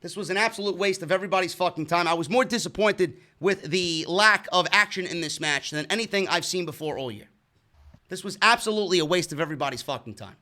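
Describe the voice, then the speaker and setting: Male reviewer, high-pitched and bright, profane and exasperated recap. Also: quick pace. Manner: profane, exasperated, stumbles over words. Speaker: wrestling show reviewer. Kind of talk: casual recap and rant.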